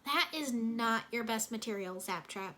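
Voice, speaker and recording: A woman plays a determined young heroine in a storybook reading. She sounds brisk and spirited, with a high, bright voice. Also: expressive. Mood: deadpan. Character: determined young woman fighter with energy powers.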